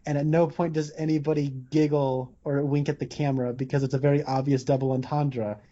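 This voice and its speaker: A man hosting a podcast discusses films casually, wandering with many fillers and restarts. He speaks briskly with a slightly high, dark voice and little pitch movement. The audio is dull and lo-fi.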